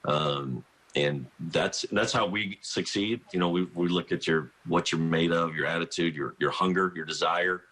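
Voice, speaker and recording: A man's voice: low-pitched, normal speed, sharp tone, breathy edge. A middle-aged man, a college basketball coach, telling rambling anecdotes in a radio interview, often restarting sentences and laughing. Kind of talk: phone-in radio interview, storytelling.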